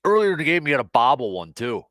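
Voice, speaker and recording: A man's voice: mid-range voice, fast, dry recording. Male sports talk host, casual rambling commentary, mid-range voice, dry close sound, tired after little sleep. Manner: rambling, animated, frequent fillers and restarts. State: short on sleep.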